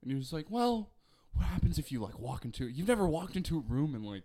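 A man's voice: on the high side, big pitch swings, fast, dark tone. A young man hosting a comedy podcast in casual chat, joking, laughing a lot and acting out the voices in his stories. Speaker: podcast host.

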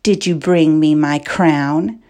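A cunning, scheming man from a storybook speaks with a sneer, as a woman reading aloud puts him on. He talks slowly and deliberately, in a lowish voice, and sounds cold and calculating. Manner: barking orders, then sneering softly.

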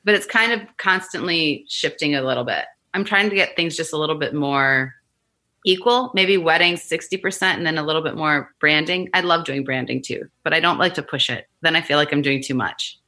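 A woman's voice: low-pitched, fairly quick, pushed and bright. A woman appearing as a podcast guest over a video call, chatting casually and often laughing at herself. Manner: laughs easily, self-deprecating. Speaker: guest, wedding photographer. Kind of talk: casual interview chat.

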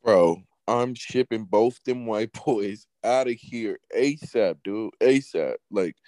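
Blunt, low-voiced man on a sports podcast. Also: takes it slowly, a little mellow, no echo. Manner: blunt and profane, emphatic. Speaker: podcast co-host. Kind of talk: casual sports talk.

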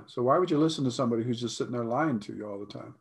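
American guy coaching on a podcast, earnest, keeps clearing his throat and hammering points. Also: mid-range voice, racing. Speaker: life coach guest. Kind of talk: conversational coaching talk.

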